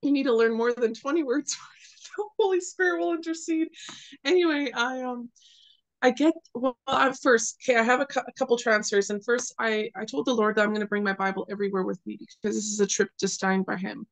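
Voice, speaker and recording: Lively young woman telling a faith story. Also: on the high side, fairly quick. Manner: animated, laughs often, acts out quoted people. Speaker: guest sharing a testimony. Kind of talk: casual storytelling.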